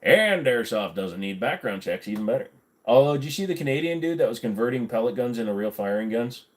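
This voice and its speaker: A man's voice: mid-range voice, lively intonation, fairly quick. A man hosting a casual livestream, reading chat and joking around, slipping now and then into goofy voices. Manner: chatty, jokey, slips into goofy voices.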